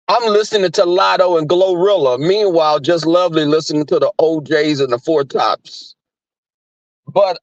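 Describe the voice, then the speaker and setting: A man's voice: high voice, dry recording. A man in his twenties hosting a casual livestream, telling a profane, gossipy story and answering chat. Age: 20s. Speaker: livestream host reading chat. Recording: dull lo-fi dry sound.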